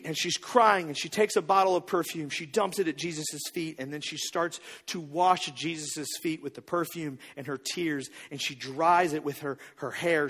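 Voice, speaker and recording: Male pastor preaching, husky and a touch high, acts out his stories. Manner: storytelling with acted-out quotes, swinging from loud to hushed. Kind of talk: sermon.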